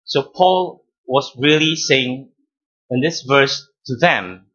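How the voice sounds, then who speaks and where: A man preaching a sermon as pastor, teaching deliberately, stressing key words and repeating phrases. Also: mid-range voice, sharp tone, lo-fi sound.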